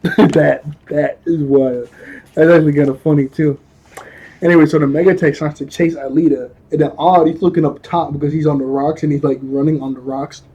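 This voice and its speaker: A man's voice: on the high side, fairly even intonation, brisk, warm tone, slightly rough, dull audio. A young man casually recapping a cartoon episode in a rambling, slangy way, often laughing and correcting himself. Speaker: episode reviewer.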